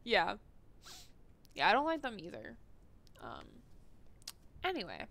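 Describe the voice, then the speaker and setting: A woman's voice: medium pitch, huge pitch swings, takes it slowly, gravelly. A woman streaming a video game, chatting casually and reading the game's text aloud. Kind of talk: casual gameplay commentary. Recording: game music playing loudly behind.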